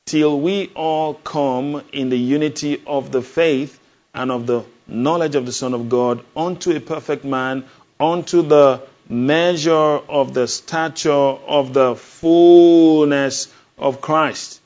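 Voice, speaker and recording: A man's voice: a little high, steady tone, slow pace, a little mellow. A male preacher, delivering a sermon emphatically, asking the congregation questions and repeating key phrases. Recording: dull lo-fi sound.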